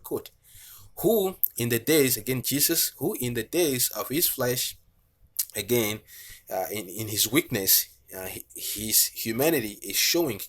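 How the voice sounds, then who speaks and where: A male preacher with a mid-range, fairly bright voice gives a bible teaching. He reads verses aloud and explains them, often using fillers and "okay."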